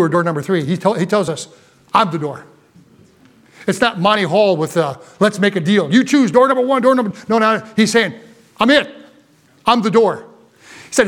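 A male pastor preaching a sermon, reading scripture aloud and explaining it, moving between fervent emphasis and quiet, slowed-down asides. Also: sits high. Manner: reads old scripture wording aloud, then explains it plainly.

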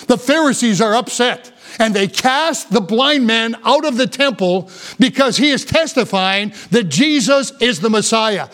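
A man preaching a sermon as pastor, reading scripture slowly and then building to fervent appeals. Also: extremely high pitch, lively intonation, fairly bright tone.

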